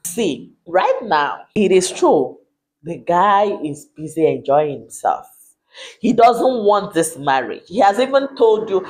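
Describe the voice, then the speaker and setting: A woman's voice: medium pitch, very animated, unhurried, a little mellow. A woman, a Christian marriage coach, praying fervently and then speaking emotionally to wives. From Nigeria. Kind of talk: fervent prayer and heart-to-heart encouragement.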